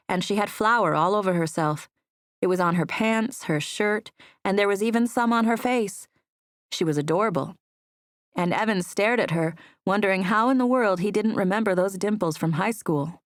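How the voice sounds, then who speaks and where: A woman narrates an audiobook, reading a script in a steady storytelling manner. Her voice is lowish, and the studio-quality recording has no echo.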